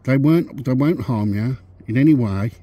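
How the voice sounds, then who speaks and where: A man with a Birmingham accent, a paranormal investigator calling out to spirits at night by a railway track, asking slow and polite questions. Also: mid-range voice, mellow, husky, dry recording. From Birmingham, England. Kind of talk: calling out to spirits on a ghost hunt.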